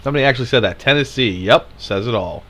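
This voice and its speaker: A man's voice: medium pitch, fast, a bit bright. A man delivering an angry political rant, sarcastic and heated, swearing and laughing in scorn. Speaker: commentator.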